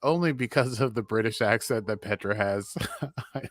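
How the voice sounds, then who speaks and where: A man's voice: lowish voice, moderate pace, no room sound, clean studio sound. Chatty man rambling through a recap. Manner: rambling, chuckling, many fillers. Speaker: podcast co-host. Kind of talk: casual recap chat.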